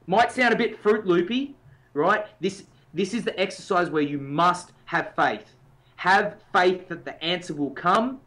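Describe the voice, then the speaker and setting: A man's voice: high voice, unhurried, fairly bright tone. A man co-hosting a motivational podcast as a life coach, talking in an emphatic, coaching way and demonstrating intensity.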